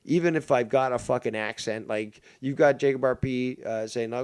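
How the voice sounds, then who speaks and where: A man's voice: mid-range voice, moderate pace, few pauses, clean tone. Profane rambling man hosting a podcast. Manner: profane, rambling, rants with heavy swearing. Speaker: podcast host. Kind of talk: casual podcast chat. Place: living in Canada.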